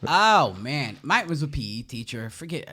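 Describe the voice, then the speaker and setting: A man's voice: fairly high pitch, sing-song, normal speed, pushed and bright. A man co-hosting a comedy crime podcast, reading news items and joking, laughing often between rambling asides. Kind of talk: casual podcast banter.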